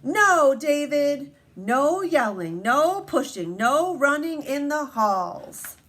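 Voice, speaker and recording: A woman's voice: sits high, sing-song, slow pace, pitched above the performer's own voice, exaggerated voice. A woman playing a stern scolding schoolteacher. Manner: loud scolding commands.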